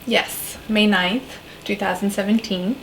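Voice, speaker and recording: A woman with a French Canadian accent talks as a guest in an interview, eager and quick to laugh. Her voice has a gravelly, creaky edge at an ordinary pitch, with a faint hiss underneath. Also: steady tone, low-quality recording. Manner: enthusiastic, laughs often. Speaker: guest, shaman and author. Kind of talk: casual interview chat.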